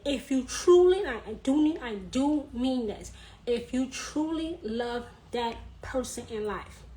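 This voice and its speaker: Slow-talking earnest woman vlogger. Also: fairly high pitch, slight background noise, rough recording. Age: 30s. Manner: earnest, repetitive, emphatic, laughs softly. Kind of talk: personal vlog monologue.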